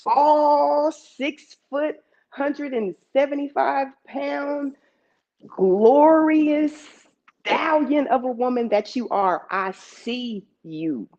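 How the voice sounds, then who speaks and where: A woman telling a personal story to a live audience in a lively, conversational way, heard in a dull lo-fi recording. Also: sits high, very slow. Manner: lively, conversational, with laughs and asides. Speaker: storyteller and emcee.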